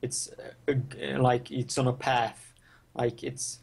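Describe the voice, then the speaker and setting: A young man in a video game chat, speaking haltingly, trailing off and chiming in briefly. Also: mid-range voice, little pitch movement, gravelly, darkish tone, breathy edge. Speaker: gaming channel co-host. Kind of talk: casual chat.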